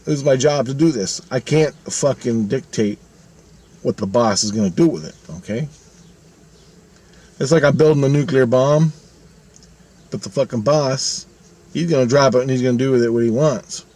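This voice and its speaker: Middle-aged male vlogger, casual monologue, swears a lot, rambles, average pitch. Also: moderate pace, long pauses. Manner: profane, rambling, animated retelling.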